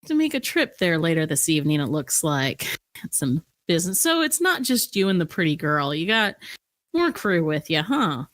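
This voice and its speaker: A woman's voice: on the low side, very animated, moderate pace, fairly bright tone, no echo. A woman voicing a scheming, hostile male ship captain who talks with a sneer and a threat. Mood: suspicious. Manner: menacing, sneering.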